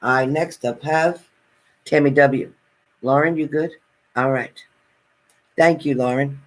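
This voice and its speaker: A man's voice: mid-range voice, fairly even intonation, slow pace, long pauses, low-quality recording. Chatty man giving tarot readings. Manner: chatty, reassuring, talks directly to viewers by name. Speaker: tarot reader. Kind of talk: live-stream tarot reading and chat with viewers.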